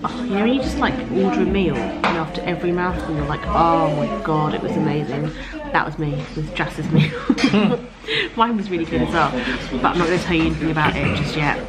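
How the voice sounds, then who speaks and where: A woman's voice: low-pitched, fast, loud music behind the voice. A woman talking chattily and bubbly to a handheld vlog camera while walking a city, laughing often. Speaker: travel vlogger. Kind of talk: casual travel vlog. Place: walking outdoors in busy city streets. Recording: street noise behind the voice.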